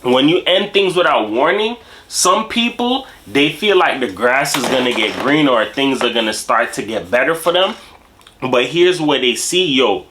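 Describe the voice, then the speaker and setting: A man from Jamaica telling a casual story in slangy, animated, streetwise talk. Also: medium pitch, moderate pace, slight background noise. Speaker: host.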